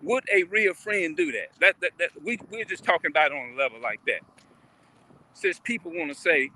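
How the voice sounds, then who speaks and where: A man's voice: a little high, sing-song, moderate pace, sharp tone. A man talking casually on a live stream, rambling and repeating himself as he keeps asking listeners questions. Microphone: phone or webcam on a live stream.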